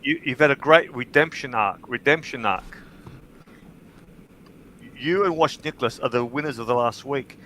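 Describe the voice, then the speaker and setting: A man hosting a livestream, telling stories in casual chat, swearing freely and getting animated in bursts. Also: mid-range voice, normal speed, long pauses, rough recording. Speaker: livestream host.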